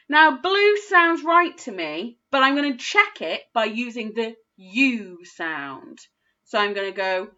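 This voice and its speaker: A woman teaching a recorded phonics lesson to young children, slowly sounding out each word in a patient, encouraging way. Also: on the high side, sing-song, bright, forceful tone, muffled recording. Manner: slow, patient, sounding out words. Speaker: primary school teacher.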